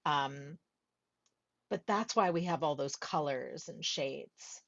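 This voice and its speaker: A woman's voice: low voice, slow, creaky, a bit bright, dull audio. A woman voice coach leading a group discussion over a video call, talking in a reflective, explanatory way. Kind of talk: workshop discussion.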